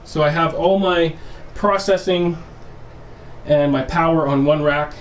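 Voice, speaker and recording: This man, who runs a home theater channel, speaks in a slightly high voice at an unhurried pace, with a faint hiss or hum underneath. He hosts a relaxed vlog from his home theater room on a camera mic, calling his viewers "guys" and teasing what's coming up.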